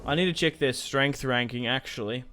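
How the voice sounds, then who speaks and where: Smooth-voiced man thinking aloud over gameplay. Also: medium pitch, normal speed, pushed and bright, soft background music. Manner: thinks aloud, rambling with fillers. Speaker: gaming YouTuber. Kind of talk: casual gameplay commentary.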